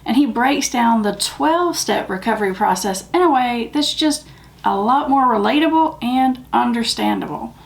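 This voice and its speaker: A woman's voice: a little high, lively intonation, moderate pace. A woman with a Southern US accent, hosting a recovery channel and talking candidly and emphatically to the camera. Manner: candid, plain-spoken, emphatic. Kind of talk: casual talk to camera.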